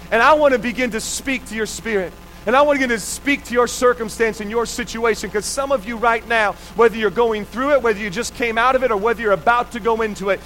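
A man's voice: extremely high pitch, fairly bright tone, a little hiss or hum, poor audio. A man preaching a sermon, telling a personal story and putting rhetorical questions to the congregation. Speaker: pastor.

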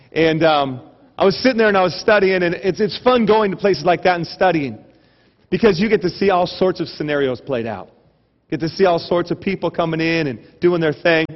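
A pastor with a fairly high voice delivers a sermon, telling a comic story with lively energy. The recording is muffled, and a long reverb trails his voice through the hall. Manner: animated, humorous storytelling.

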